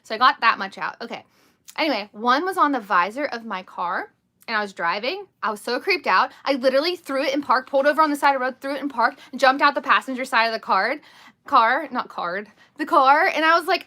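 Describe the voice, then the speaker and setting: A woman in her thirties hosts a casual home live stream, chatting and telling rambling stories with lots of animation. Her voice is a little high, and she talks fast.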